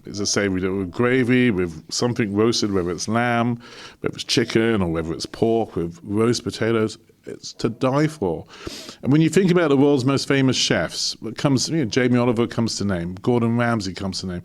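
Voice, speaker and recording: Middle-aged london guy, jokey and lively, laughs a lot in a relaxed chat. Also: lowish voice. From England. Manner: jovial, animated, laughs often. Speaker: honorary consul. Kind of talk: casual interview talk.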